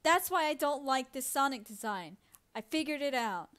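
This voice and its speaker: A woman's voice: sits high, lively intonation, normal speed, a bit bright. A woman co-hosting a casual live stream, giggly and teasing, laughing often. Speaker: co-host reading chat questions.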